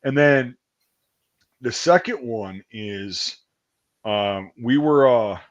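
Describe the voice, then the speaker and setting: A man's voice: medium pitch, drawn-out words, lo-fi sound. A man hosting a stream, telling stories in a casual, profane, rambling way. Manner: profane, rambling, animated storytelling. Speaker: stream host. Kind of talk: casual storytelling chat.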